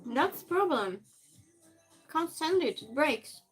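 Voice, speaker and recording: A woman's voice: high-pitched, very animated, takes it slowly, soft background music, low-quality recording. A woman chatting casually with her live-stream viewers and answering their messages as she moves things around her small space. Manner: chatty, reads and answers chat while moving things around.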